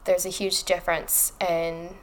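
A woman's voice: on the low side, level tone, measured pace. A woman co-hosting a casual podcast chat, talking things through thoughtfully and reading passages aloud. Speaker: podcast co-host.

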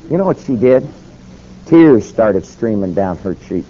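A man's voice: fairly low pitch, a little slow. Man telling a story in a sermon. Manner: animated storyteller. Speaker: speaker. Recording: dull lo-fi recording with faint hiss.

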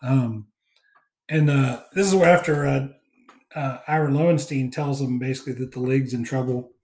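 A man's voice: mid-range voice, moderate pace, darkish tone. A man chatting casually on a podcast, recapping a movie with lots of fillers and acted-out quotes. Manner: rambling, many fillers, acts out quoted lines. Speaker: podcast co-host.

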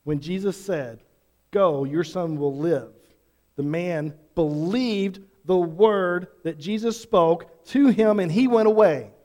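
Long hall reverb carries the slow, dark, high-sitting voice of a pastor in a church sanctuary. Earnestly preaching, he keeps pressing his congregation with repeated questions.

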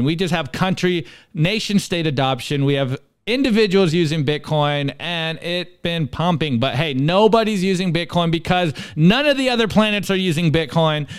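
A clear, smooth-voiced man with a fairly high pitch co-hosts a casual podcast. He reads memes aloud and comments on them with emphatic, preachy, mocking force. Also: dry recording, studio quality. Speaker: podcast co-host.

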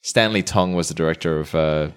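A man's voice: very deep voice, brisk, clean tone. A man hosting a casual podcast, joking and bantering crudely with his co-hosts. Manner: jokey, playfully crude banter. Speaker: podcast host.

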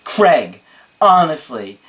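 A man voicing an excitable young male fan who stretches his words out dramatically. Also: a little high, full character voice. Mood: gushing. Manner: drawn-out dramatic emphasis.

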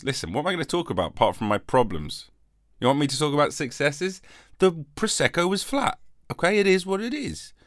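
A man's voice: mid-range voice, dry recording, clean studio sound. A man hosting a comic solo podcast, rambling and mock-defensive, with a lingering cough after covid. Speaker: podcast host.

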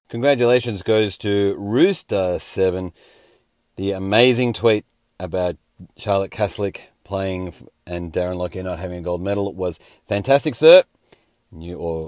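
A man's voice: lowish voice, normal speed, a little mellow, no room sound, clean studio sound. Hungover man hosting sports recap. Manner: wry, joking asides. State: hungover, a little scratchy. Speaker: host. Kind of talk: casual sports round-up.

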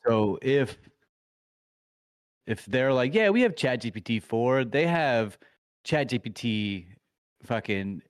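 A man's voice: medium pitch, big pitch swings, slow, long pauses, no room sound, studio quality. A man co-hosting a podcast in casual, profane, joking chat, often restarting his sentences. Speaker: podcast co-host.

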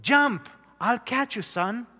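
A man's voice: very high voice, lively intonation, slow, sharp tone, voice pushed up, heavily acted. A man voicing a father calling urgently to his son on a burning roof, in a sermon story. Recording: long hall reverb.

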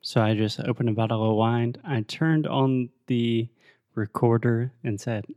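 A man co-hosting a podcast in casual chat, telling stories in a wry, deadpan way and correcting word usage. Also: mid-range voice, unhurried, no room sound, clean studio sound. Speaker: podcast co-host.

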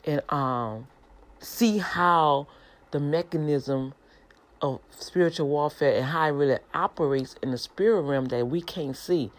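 A middle-aged woman, preaching in a casual, animated way and calling her listeners y'all. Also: low-pitched, a little slow. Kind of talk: informal preaching broadcast.

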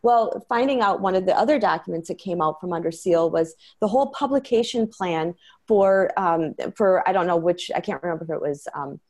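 A woman guest in an interview, talking earnestly and quickly, with frequent fillers and restarts. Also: on the low side, lively intonation, darkish tone. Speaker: interview guest, medication-transparency advocate. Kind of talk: conversational interview.

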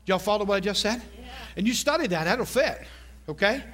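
This preacher's high, somewhat bright voice moves briskly with lively intonation. He delivers his sermon casually, cracking jokes and asking the crowd if they're keeping up.

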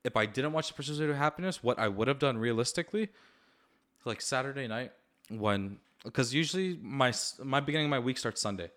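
A young man talking quickly on a casual podcast, with a voice of ordinary pitch for a man. He tells his stories with animated energy and a steady stream of profanity. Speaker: podcast co-host.

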